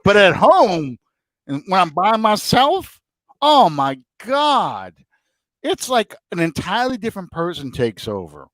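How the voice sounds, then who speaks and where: A middle-aged man in a casual sports chat at home, excitable and rambling, his pitch leaping all over and sitting a touch high. The sound is dry and close, with no room around it. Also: moderate pace, no echo. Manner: excitable, rambling, animated storyteller. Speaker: podcast co-host.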